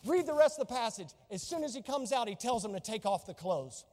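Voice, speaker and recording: A man pastor preaching a fervent sermon in a church, swinging from soft to loud, reading scripture in old-fashioned wording. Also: extremely high pitch, big pitch swings, brisk, in a large hall.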